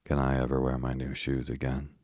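A man's voice: extremely low pitch, monotone, fairly quick, a little mellow, slightly rough, dry recording, studio quality. A man voicing a small, earnest little girl who asks grave, wondering questions, in a storybook reading.

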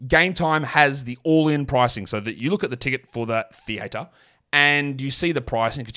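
A man's voice: mid-range voice, normal speed, pushed and bright, smooth. A man hosting a solo sports podcast, talking in a blunt, rambling, self-mocking way. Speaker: podcast host. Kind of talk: casual solo podcast talk.

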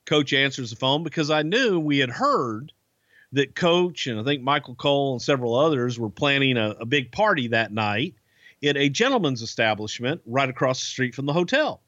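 A man casually telling a profane, animated anecdote on a podcast. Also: medium pitch, moderate pace, no echo. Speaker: podcast storyteller. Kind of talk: casual storytelling. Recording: dull lo-fi podcast audio.

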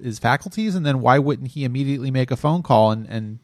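A man co-hosting a podcast that reviews TV episodes talks through a critique in casual chat, exasperated yet analytical. His medium-pitched voice is animated and fast, captured as a dry, studio-quality recording.

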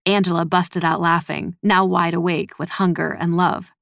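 A woman narrating a scripted audiobook story in a measured, steady way. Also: lowish voice, vocal fry, no room sound, clean studio sound.

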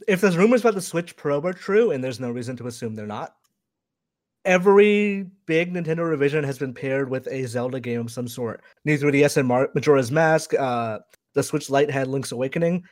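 A man co-hosting a casual gaming news podcast, talking through his views in a measured, analytical way. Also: mid-range voice, darkish tone. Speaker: podcast co-host.

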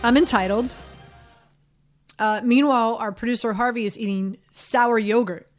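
Lady sports radio host, high voice, keeps cutting in and repeating the caller's name. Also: fairly even intonation, normal speed, no echo, studio quality, faint music behind. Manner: talks over callers, repeats names insistently. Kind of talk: call-in sports talk.

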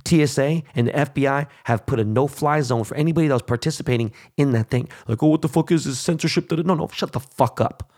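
A man's voice: fairly high pitch, a little mellow. A man hosting his own show, delivering an angry, crude political rant full of swearing. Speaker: show host.

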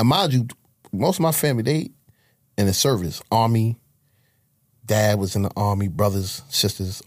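A man, a podcast guest telling his life story in a slangy, animated way. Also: breathy edge, no room sound, clean studio sound. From Harlem, New York. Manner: slangy, animated storytelling with sudden high outbursts. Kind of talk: casual storytelling interview.

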